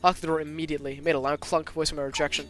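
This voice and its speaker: A man's voice: on the high side, level tone, racing. A man reading a visual novel aloud as a streamer, narrating tense first-person scenes with occasional asides. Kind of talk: dramatic story narration with asides.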